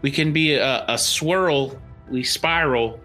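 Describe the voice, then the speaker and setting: A man's voice: fairly high pitch, takes it slowly, sharp tone, faint music behind. A man co-hosting a podcast, chatting casually in a sweary, ranting way. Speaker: podcast co-host. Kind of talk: casual chat.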